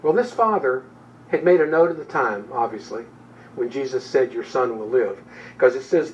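A man's voice: medium pitch, sing-song, normal speed. A man teaching a Bible study in an informal, conversational way, with frequent fillers and restarts. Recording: distant, dull room recording with faint background noise.

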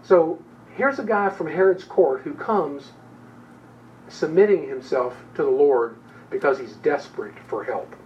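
A man's voice: a little high, unhurried, a little mellow. A man teaching a Bible study in an informal, conversational way, with frequent fillers and restarts. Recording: distant, dull room recording with faint background noise.

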